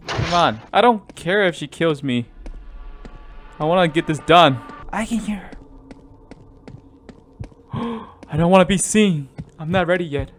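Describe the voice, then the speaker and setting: A man commentating a horror game let's play, jumpy and easily startled, swinging between loud yelps and quiet muttering. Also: fairly high pitch, lively intonation, measured pace, long pauses, faint music behind. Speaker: gaming YouTuber.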